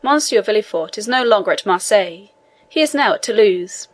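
A woman voicing a male government inspector who speaks in a measured, official manner in a storybook reading. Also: mid-range voice, animated, lightly acted. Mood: composed.

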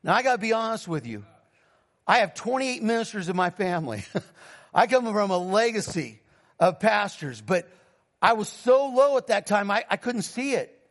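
High-voiced man preaching a testimony. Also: big pitch swings, moderate pace. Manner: storytelling, acts out dialogue with God in a lower, quieter voice; asks congregation for responses. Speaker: pastor. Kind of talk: sermon testimony.

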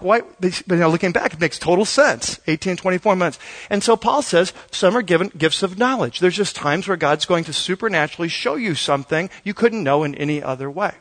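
A man's voice: fairly high pitch, a bit bright. A male pastor preaching a sermon in a conversational, storytelling way, acting out bits of dialogue.

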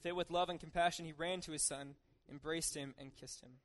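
A young man with a somewhat high voice delivers a laid-back sermon. He reads the passage and then retells it informally, slipping into everyday voices for the people in the story. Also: steady tone, fairly quick. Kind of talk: casual sermon with scripture reading.

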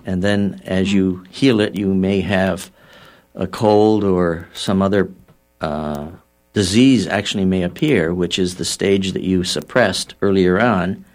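A man's voice: low voice, fairly even intonation, a little mellow. A man, a guest on a talk show, explaining a healing theory and telling a story with frequent fillers and acted-out quotes. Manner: measured and explanatory. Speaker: guest healer.

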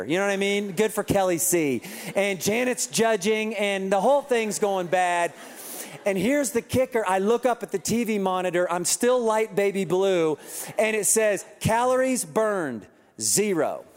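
A man preaching a sermon, telling a funny story with quoted voices and lively asides. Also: high voice, unhurried, a little hiss or hum. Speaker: pastor. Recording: reverberant hall.

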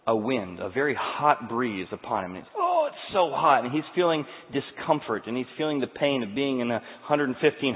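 A male pastor preaching a sermon, telling the story in an animated way and moving between loud and quiet passages. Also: medium pitch. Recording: tinny sound, long hall reverb.

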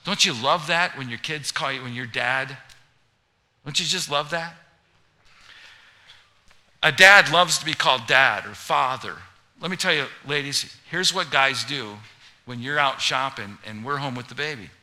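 Bright-voiced preacher. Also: male voice, medium pitch, measured pace, long pauses. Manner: conversational, humorous, rising to loud emphatic preaching. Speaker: pastor. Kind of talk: sermon.

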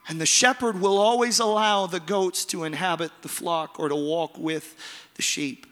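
A man preaching a sermon to his congregation, with dramatic pauses, soft low drops and rising, emphatic calls. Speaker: pastor. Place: large church hall. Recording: long hall reverb with piano behind. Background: soft piano.

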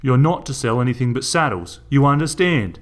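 A man's voice: medium pitch, expressive, a little fast, voice pushed up, natural voice. A man voicing a bossy middle-aged male rival shopkeeper who blusters and lays down the law. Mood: domineering. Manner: blustering, domineering.

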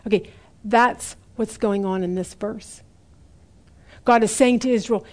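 A woman's voice: fairly high pitch, steady tone, a little mellow. Earnest middle-aged woman preaching a sermon. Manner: earnest, slows down to stress key points; asks the listeners direct questions.

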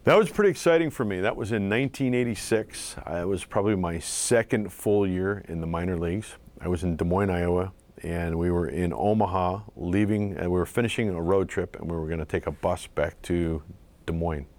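A middle-aged man from southeastern Pennsylvania, a former pitcher recalling his career in an interview, halting and full of fillers. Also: darkish tone. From southeastern Pennsylvania, USA. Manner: halting, many fillers and restarts, reflective. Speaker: former pro pitcher, guest. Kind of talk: casual interview storytelling.

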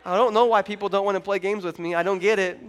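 High-voiced animated male preacher. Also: fast talker. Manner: animated, joking, rising to loud emphasis. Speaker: pastor. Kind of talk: sermon.

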